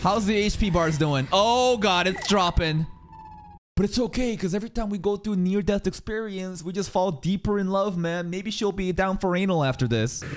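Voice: mid-range voice, normal speed, background noise. A streamer reacting live to an anime episode, swearing often, exclaiming and laughing while talking over the show. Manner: excitable and profane, swearing often. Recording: anime soundtrack playing loud behind.

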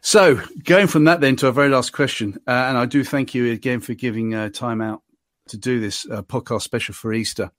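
A man's voice: mid-range voice, fairly even intonation, fairly quick, a bit bright, no room sound, clean studio sound. Chatty man hosting a podcast. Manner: self-deprecating, chatty anecdotes. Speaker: podcast host. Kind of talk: casual storytelling chat.

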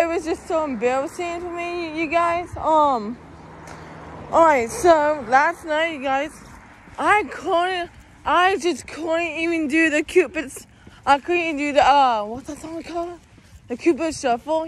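A woman's voice: sits high, a bit bright. A young woman vlogging outdoors while she walks, talking to her viewers in a rambling way and saying "you guys" constantly. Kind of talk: casual walking vlog. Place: outdoors on a walk.

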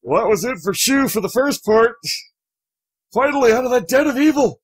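A man's voice: extremely high pitch, lively intonation, moderate pace. A man hosting a let's play, making casual, self-mocking joking asides as he reads a dating game.

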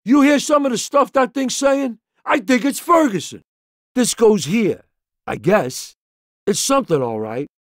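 A brash, foul-mouthed mobster convict, swaggering and gruff. His voice sits high and swings widely in pitch, and he drawls his lines slowly. The recording is dry and close, with no room sound. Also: lively intonation, no echo. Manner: gruff, swaggering, swears constantly. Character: tough-talking male mobster convict, profane and brash. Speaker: video game character. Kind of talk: video game voice lines.

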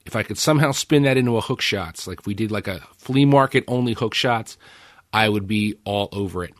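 A man hosting a podcast, chatting casually and telling animated stories with swearing and acted-out quotes. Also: on the low side, brisk, no room sound, clean studio sound. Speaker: podcast host. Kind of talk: casual chat.

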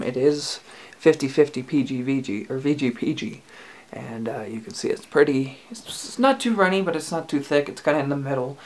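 A casual product reviewer at home, talking in a hesitant, rambling way with lots of fillers and restarts. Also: mid-range voice. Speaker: e-liquid reviewer.

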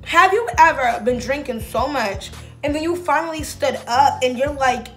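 A sassy, talkative woman chatting to her viewers as she gets ready for a night out. Her voice sits a little high, and she keeps calling them baby and y'all. Soft music plays faintly underneath. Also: normal speed. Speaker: beauty vlogger. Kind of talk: casual get-ready-with-me chat.

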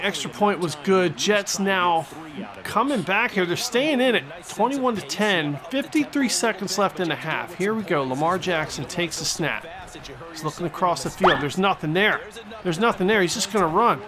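A man giving excitable play-by-play commentary over a football video game, exclaiming at big plays and mocking the other team. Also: sits high. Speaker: gaming channel host. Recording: stadium crowd noise from the game behind.

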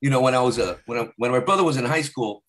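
A man's voice: mid-range voice, quick pace. A middle-aged man from Arizona, a stand-up comedian guest, telling rambling stories in casual interview talk. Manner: rambling, slips into loud character voices for quotes.

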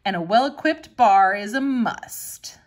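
Excitable woman chatting thru an old catalog at home, reads stuff out and gets all giddy. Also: mid-range voice, a little slow. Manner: chatty and excitable, gasps and laughs at items. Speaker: vintage catalog vlogger. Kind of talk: casual commentary while reading a catalog.

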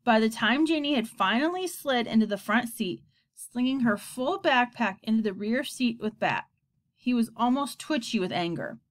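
A woman reads a children's book aloud with expressive storytelling. Her voice is on the high side and her speed is normal.

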